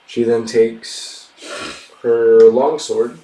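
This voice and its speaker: A man narrating a tabletop game as game master, in slow, hushed, deliberate narration, recorded in a roomy space from a distant mic. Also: mid-range voice, steady tone.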